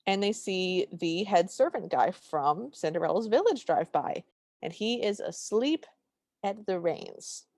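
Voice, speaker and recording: A woman's voice: fairly low pitch, expressive, measured pace, a little mellow, no echo, clean studio sound. A woman co-hosting a casual podcast, recapping a film in a chatty, enthusiastic way. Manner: chatty and enthusiastic, with lots of fillers and restarts. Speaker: podcast co-host.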